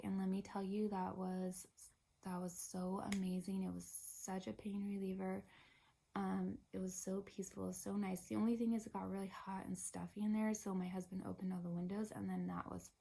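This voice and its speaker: Gravelly, breathy young woman telling a story. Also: medium pitch. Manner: chatty, drops to a hushed, partly whispered voice. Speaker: vlogger. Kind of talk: casual storytelling.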